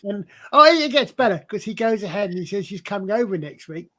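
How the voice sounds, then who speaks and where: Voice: mid-range voice, expressive, a little fast, fairly bright tone. Rambling storyteller on a chat panel. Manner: rambling storyteller, restarts often. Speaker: panel guest. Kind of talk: casual chat.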